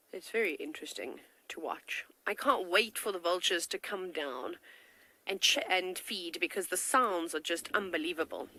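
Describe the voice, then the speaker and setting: A woman presenting a live wildlife broadcast, chatting warmly and enthusiastically about lions feeding. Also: on the low side, low-quality recording.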